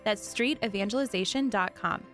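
A woman reading a scripted promotional radio ad smoothly and upbeat. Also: mid-range voice, brisk, a bit bright, faint music behind. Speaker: ad announcer. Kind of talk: scripted ad read.

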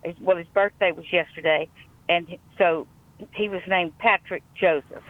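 A woman's voice: lowish voice, fairly even intonation, moderate pace. A woman with a Louisiana accent, calling in to a talk show and telling a family story in a chatty, rambling way. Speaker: caller. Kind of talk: call-in phone chat. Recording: tinny phone line.

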